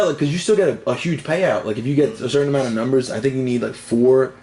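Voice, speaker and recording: A man's voice: mid-range voice, fast, few pauses, dark tone, a little hiss or hum. Young man rambling through a podcast chat. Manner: rambling, laughs often, storytelling. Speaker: podcast co-host. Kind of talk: casual sports chat.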